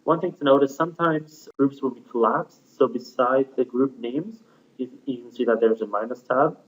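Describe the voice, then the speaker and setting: A man presenting a step-by-step software screencast tutorial, explaining plainly with frequent fillers. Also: mid-range voice, normal speed. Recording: tinny phone-like audio.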